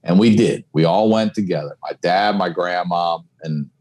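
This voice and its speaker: Loose-talking, cursing man, slightly low voice. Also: moderate pace, a little mellow. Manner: loose, profane storytelling. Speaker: comedian guest. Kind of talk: casual podcast chat.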